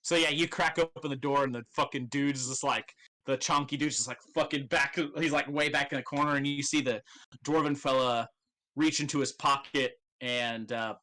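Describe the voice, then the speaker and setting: Bright-voiced young man running a tabletop game. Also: mid-range voice, steady tone, moderate pace. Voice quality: casual, swears often. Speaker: game master.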